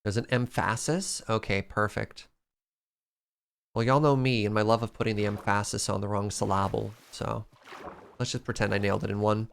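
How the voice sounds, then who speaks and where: A man's voice: on the low side, fairly even intonation, normal speed, creaky, a little hiss or hum. A man streaming a game live, chatting casually and playfully, reading out and thanking his viewers.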